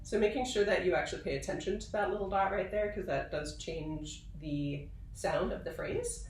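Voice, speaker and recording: A woman viola professor giving a patient, explanatory instrumental tutorial, pausing now and then with fillers. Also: on the low side, roomy sound, far from the mic, faint music behind, low-quality recording. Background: viola playing.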